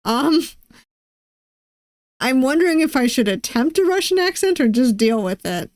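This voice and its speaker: A woman's voice: high-pitched, animated, moderate pace, no room sound, studio quality. A woman streamer reading a visual novel aloud, giggling and poking fun at her own attempts at voices. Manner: giggly, self-deprecating. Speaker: VTuber game streamer.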